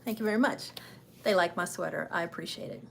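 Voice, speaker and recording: A woman's voice: on the low side, fast, gravelly, a little hiss or hum. A middle-aged woman chatting casually on a travel livestream, a little nervous and self-deprecating. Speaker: travel vlogger and travel agent.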